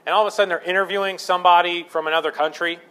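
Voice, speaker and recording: Male pastor, sermon, slightly high voice, casual and self-mocking, swells into fervor. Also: fairly even intonation, racing, pushed and bright, clean tone. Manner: conversational, self-deprecating, building to fervent emphasis.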